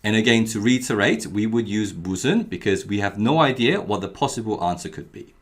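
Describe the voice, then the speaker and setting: A young adult man giving a clearly paced, scripted language lesson, repeating each example phrase carefully. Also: fairly low pitch, lively intonation, fast. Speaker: Korean language teacher.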